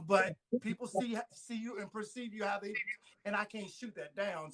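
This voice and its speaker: A man as a guest on a casual interview show, talking earnestly in relaxed slang as he thanks and praises people. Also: high-pitched, a little hiss or hum. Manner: earnest, warm shout-outs, relaxed slang.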